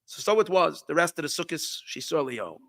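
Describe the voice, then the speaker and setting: A rabbi tells a story in a somewhat high, bright, forceful voice, starting over and repeating words as he goes. His voice is dry and close, and he drops Yiddish words into the telling. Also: animated, creaky, dry recording. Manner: halting, repeats words and restarts often. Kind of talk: storytelling talk.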